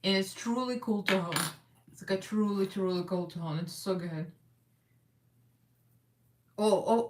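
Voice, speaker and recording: A woman's voice: mid-range voice, fairly even intonation, a little slow, pauses often, slight background noise. Chatty woman doing a live makeup stream. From Russian American. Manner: chatty, rambling, laughs often. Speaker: makeup livestream host. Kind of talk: casual live makeup chat. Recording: echoey room, voice a little far from the mic.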